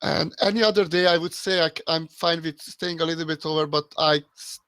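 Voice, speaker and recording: A man's voice: fairly high pitch, fairly even intonation, fairly quick, a bit bright, clean tone, no room sound. A tabletop game player, a man coming down with a cold, talking hesitantly and politely. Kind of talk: casual chat at a game table.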